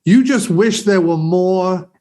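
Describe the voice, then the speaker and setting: Speaking slowly in a high-sitting, slightly mellow voice, a man in his forties hosts a podcast where he enthusiastically rambles about films and swears casually.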